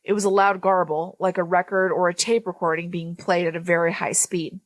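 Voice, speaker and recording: A woman's voice: lowish voice, flat delivery, a little fast, dry recording. A woman podcast co-host reading a paranormal story aloud, breaking off now and then to laugh and joke with her co-host.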